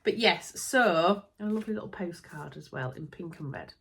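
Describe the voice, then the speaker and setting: A woman's voice: on the low side, animated, normal speed, creaky, a bit bright, husky. A woman with a Yorkshire accent chatting casually to camera as a sewing vlogger, giggly and often interrupting herself. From Yorkshire, England.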